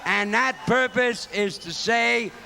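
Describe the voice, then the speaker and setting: An older man shouting to a crowd at an outdoor rally, rowdy and gravelly. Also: very high voice, takes it slowly. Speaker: rally speaker. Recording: outdoor rally recording with noise.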